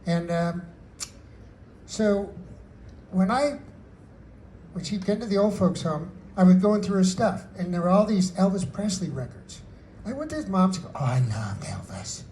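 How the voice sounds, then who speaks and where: A man's voice: high-pitched, moderate pace, long pauses, darkish tone, a little hiss or hum, low-quality recording. An older man, a singer-songwriter, telling rambling, folksy stories about his songs at a book store event. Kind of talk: storytelling with live songs.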